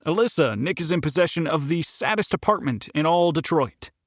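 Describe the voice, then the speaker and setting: A man's voice: fairly high pitch, animated, brisk, dry recording, pitched above the performer's own voice. A man voicing a playful hockey captain who needles his teammate, in an audiobook. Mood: teasing. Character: teasing male hockey captain, jovial.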